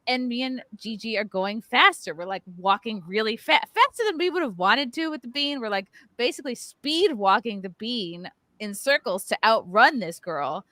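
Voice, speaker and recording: A woman chatting on a podcast, spinning a story with a lot of profanity and mocking little put-on voices. Her pitch leaps all over the place and her tone is bright. The sound is dry and close. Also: animated, normal speed, hardly any pauses, no room sound. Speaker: podcast host. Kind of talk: casual podcast chat.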